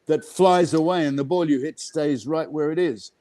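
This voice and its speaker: A man's voice: a little high, moderate pace, warm tone. A man from Australia, a guest actor telling anecdotes on a video call, with frequent laughs and fillers. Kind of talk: casual storytelling on a video call.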